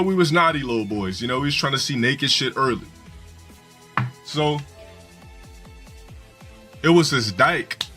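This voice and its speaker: A man tells crude stories to his live viewers in a loose, rambling way, full of swearing and false starts. His voice is bright and forceful at an average pitch, and faint music plays behind him. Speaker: streamer. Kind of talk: casual profane storytelling to a live audience.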